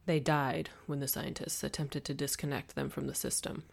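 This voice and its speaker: Woman reading a grave, low young gentleman. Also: very animated, exaggerated voice. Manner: measured, grave. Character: young gentleman, calm and serious.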